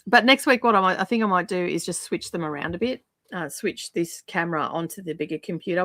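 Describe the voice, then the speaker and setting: A woman's voice: medium pitch, fairly bright tone, no echo, studio quality. A middle-aged woman from Australia hosting a casual crafting live stream, chatting in a rambling way with many ums. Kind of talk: casual chat while crafting. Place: home craft room.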